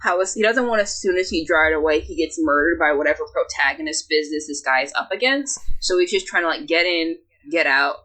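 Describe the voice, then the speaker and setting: A woman with a bright, sharp voice reading fanfic aloud with friends. She talks casually and giggles often, breaking off mid-sentence to joke. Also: low-pitched, fairly quick, hardly any pauses. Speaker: fanfic reader and co-host. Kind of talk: casual comedic reading and riffing.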